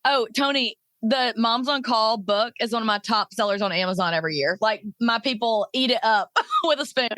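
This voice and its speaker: A woman with a high, bright, crisp voice hosts a podcast interview. She chats casually and laughs often. The sound is close and dry. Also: moderate pace, dry recording. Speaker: podcast host.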